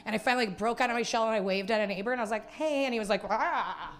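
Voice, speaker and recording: Woman stand-up from Winnipeg, high voice, loose rambling self-deprecating delivery. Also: fairly even intonation, rapid-fire. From Winnipeg, Canada. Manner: rambling, self-deprecating, with frequent laughs and put-on quoted voices. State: hungover. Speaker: stand-up comedian. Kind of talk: stand-up set before a live audience.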